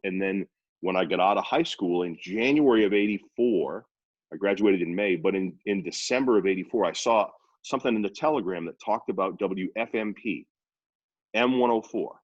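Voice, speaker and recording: A man in his fifties with a lowish voice, spinning rambling, animated stories from his radio career. The recording is dry and a little dull, with no room sound around him. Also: moderate pace, no room sound. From Worcester, Massachusetts. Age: 50s. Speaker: radio personality guest. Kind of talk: casual storytelling interview.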